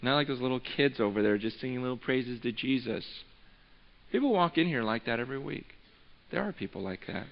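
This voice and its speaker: A young adult man preaching a conversational, animated sermon to his congregation, stumbling and restarting as he goes. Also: medium pitch, fairly quick, vocal fry. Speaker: pastor. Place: church sanctuary. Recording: dull sound with long hall reverb.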